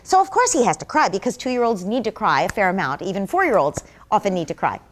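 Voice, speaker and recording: A woman's voice: mid-range voice, very animated, fast. A woman, a parenting expert, answering an interview question earnestly, explaining with examples and acting out little dialogues with a child.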